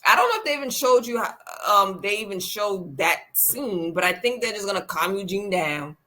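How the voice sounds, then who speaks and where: A woman co-hosting a casual reality TV recap chat, acting out quotes with big jumps in pitch. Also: lively intonation, moderate pace, pushed and bright. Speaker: reality TV podcast co-host.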